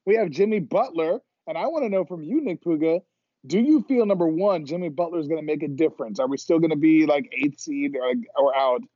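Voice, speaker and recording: A man co-hosting a casual podcast, talking in an enthusiastic, jokey way. His voice is slightly high, husky and mellow. The recording is dry and a little dull. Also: a little fast, no room sound. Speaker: podcast co-host. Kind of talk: casual chat.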